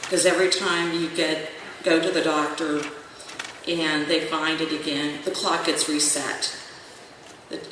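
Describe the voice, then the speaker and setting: A panel speaker giving a halting personal testimony, repeating words and pausing with many fillers. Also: medium pitch. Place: large convention hall. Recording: echoey hall from far off, noisy room.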